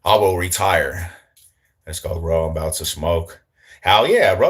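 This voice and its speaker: Deep-voiced slangy young man chatting. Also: expressive, a little slow. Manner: slangy, joking, greets chat viewers. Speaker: livestream host. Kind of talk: casual livestream chat.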